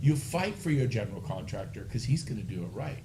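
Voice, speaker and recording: Over some background noise, a man with a fairly low voice gives a brisk, live real estate training talk to a room of agents. His storytelling is energetic and animated.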